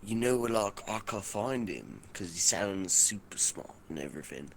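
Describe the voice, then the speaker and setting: A man's voice: fairly low pitch, lively intonation, measured pace, vocal fry, a little hiss or hum. A man playing a tabletop game, talking casually with slang. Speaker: player.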